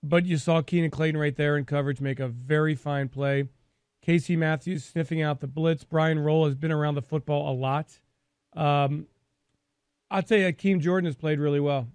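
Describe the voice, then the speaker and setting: Male sports talk host, lively and talkative, dry studio sound. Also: on the high side, moderate pace, clear, resonant tone, dry recording. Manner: energetic, repeats words while thinking.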